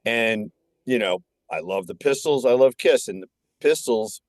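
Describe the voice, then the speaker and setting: Older male guest, excitable anecdote-teller, mid-range voice, dry recording. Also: medium pitch, a little slow, no echo. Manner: animated, excitable storyteller. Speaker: guest filmmaker. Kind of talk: casual podcast chat.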